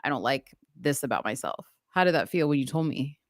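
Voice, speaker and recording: Low-pitched, lively woman asking questions. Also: fairly quick, no echo, studio quality. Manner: probing, encouraging questions. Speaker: podcast co-host. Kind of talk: casual chat.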